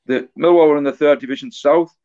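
A middle-aged man and author, a guest on a podcast interview, telling stories in a halting, anecdotal way. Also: a little high, steady tone, mellow. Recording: dull lo-fi podcast audio.

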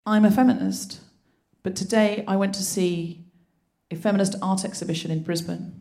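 A woman's voice: medium pitch, steady tone, moderate pace, warm tone, a faint crowd. A woman hosting a live comedy podcast on stage, telling stories in a playful, laughing way. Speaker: podcast host. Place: theatre stage before a live audience.

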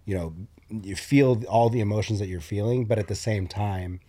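A man in his thirties, a podcast guest, speaking supportively in halting bursts with many restarts. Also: fairly low pitch, dark tone. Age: 30s. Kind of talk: casual chat.

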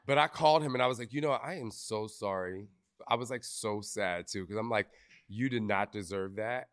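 Candid low-voiced man on live podcast. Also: normal speed, fairly bright tone, clear, resonant tone. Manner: candid, emotional, swears casually. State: briefly tearful. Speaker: podcast host. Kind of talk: live podcast talk to an audience.

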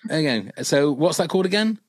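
A man's voice: on the high side, animated, fairly quick, dry recording. A man co-hosting a podcast in casual chat, rambling and enthusiastic with many fillers. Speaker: podcast co-host.

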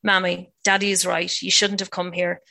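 A woman's voice: lowish voice, level tone, normal speed, gravelly, pushed and bright, a little hiss or hum. A woman reading the lines of a defiant young wife who confronts her parents. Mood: firm. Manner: defiant, cutting.

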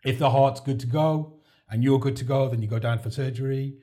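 A man's voice: mid-range voice, steady tone, fairly quick, dark tone. A man, a podcast guest, telling his story in a chatty way and acting out what others said to him. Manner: chatty, relives events by acting out quoted dialogue. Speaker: podcast guest, heart transplant recipient. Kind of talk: casual interview storytelling.

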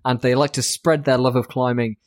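A man's voice: medium pitch, steady tone, brisk, no echo, studio quality. A man co-hosting a podcast in casual chat, teasing and playful, laughing often. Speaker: podcast co-host.

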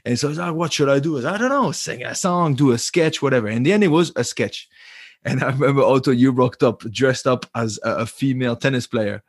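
Man, casual storytelling, dry close sound, animated retelling. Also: medium pitch, no echo. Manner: animated, rises into retold dialogue. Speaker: former French rugby teammate, guest.

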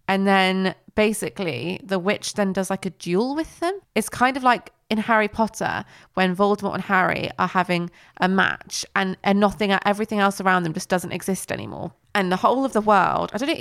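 A woman's voice: medium pitch, vocal fry, fairly bright tone, clear, resonant tone, dry recording, clean studio sound. A woman co-hosting a casual film review chat, rambling with lots of "like". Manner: chatty, rambling with many likes. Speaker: podcast co-host.

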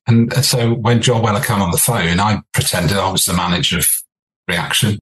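An older English man, a podcast guest, telling animated anecdotes with laughs and restarts. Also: deep voice, moderate pace, low-quality recording. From England. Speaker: podcast guest, former band leader. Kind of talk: storytelling interview.

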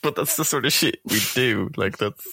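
A man's voice: medium pitch, moderate pace, vocal fry, bright, forceful tone, husky, no echo. A man co-hosting a podcast, chatting casually and laughing often. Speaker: podcast co-host. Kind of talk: casual film podcast chat.

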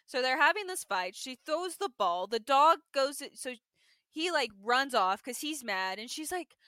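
A young woman co-hosts a casual podcast, retelling a TV episode with animated energy and a steady stream of "like". Her voice is bright and sits a touch high, recorded close and dry. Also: a little slow, no echo. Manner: animated storyteller, heavy use of "like". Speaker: podcast co-host. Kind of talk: casual chat recapping a TV episode.

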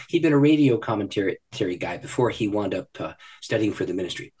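A man who is a guest on a podcast, telling a personal story in an animated way and laughing often. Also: mid-range voice, breathy edge. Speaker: podcast guest, ministry leader. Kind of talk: storytelling in a conversation. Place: podcast recording.

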